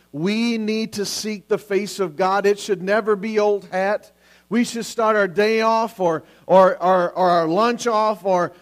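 A man with a notably high voice delivers a Sunday sermon. He speaks with earnest urgency, stacking question upon question and now and then stumbling and restarting a word. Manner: earnest preaching with repeated questions, sometimes restarting words. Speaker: pastor.

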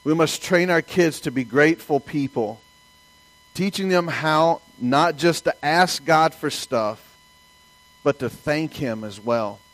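A man's voice: fairly high pitch, slow, a bit bright, poor audio. A man from the American South with a Southern accent, preaching a sermon in a folksy storytelling way and asking the congregation for amens. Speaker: pastor.

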